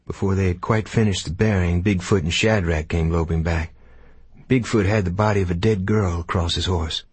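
A man narrating an audiobook in a measured, unhurried storytelling manner. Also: sits low, steady tone, a little mellow, slightly rough, no echo.

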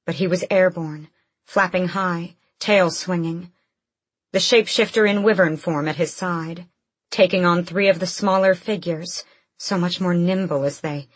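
A woman narrating a fantasy audiobook in a measured, steady storytelling manner. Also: on the low side, husky, no echo.

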